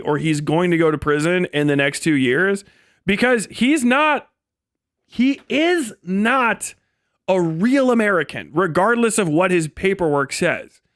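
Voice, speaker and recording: Man, high voice, profane livestream rant, heated, dry close sound. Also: fairly bright tone, dry recording. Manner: profane, heated, swings into mocking impressions. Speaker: livestream host. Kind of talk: ranting livestream commentary.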